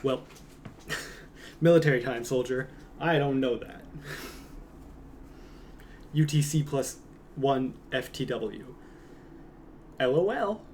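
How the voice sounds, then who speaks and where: A man's voice: mid-range voice, lively intonation, drawn-out words, pauses often, a little mellow, slight background noise. Chatty man streaming. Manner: joking, chatty, trails off and mumbles at times. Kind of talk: casual chat reading stream comments.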